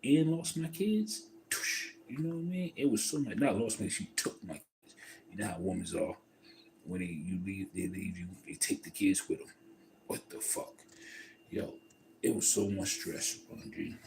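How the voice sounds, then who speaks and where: A man in a casual livestream monologue, telling a story in a profane, emphatic and rambling way. He swings between loud outbursts and low mutters. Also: normal speed, gravelly, slight background noise, low-quality recording. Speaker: livestream host.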